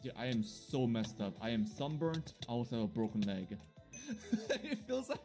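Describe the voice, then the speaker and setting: A man giving jokey gameplay commentary for his video, excitable and laughing often. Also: medium pitch, brisk, music in the background. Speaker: gaming video creator.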